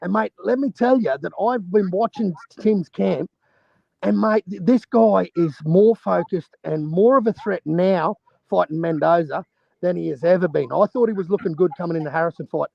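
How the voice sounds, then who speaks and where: A high-pitched Australian man with a gravelly edge speaks bluntly and profanely in a heated casual debate. His voice is muffled and lo-fi, as if through an online call mic, and sits dry and close. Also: moderate pace, dry recording. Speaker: panel guest, boxing fan.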